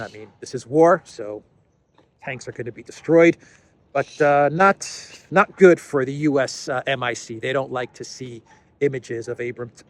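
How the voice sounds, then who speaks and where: A man hosting a political commentary show, talking casually with frequent fillers and dry sarcastic asides. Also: mid-range voice.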